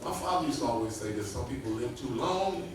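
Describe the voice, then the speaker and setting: A man's voice: mid-range voice, lively intonation, brisk. Guy doing stand-up, rambling and cussing, echoey room, mic kinda far off, crowd noise behind. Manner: profane, loose storytelling with acted-out quotes. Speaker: stand-up comedian. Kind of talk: stand-up storytelling.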